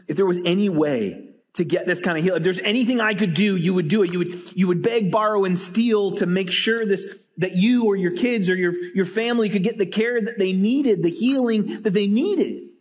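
A man preaching a sermon as pastor, telling stories with lively energy and often repeating words as he starts a phrase. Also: high-pitched, in a large hall.

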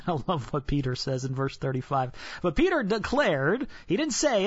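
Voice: medium pitch, very animated, normal speed, hardly any pauses, no echo. Casual devotional preacher who talks like a friend and drops to a whisper for weight; dry, dull lo-fi sound. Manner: conversational, drops to a hushed whisper for solemn points. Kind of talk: devotional sermon.

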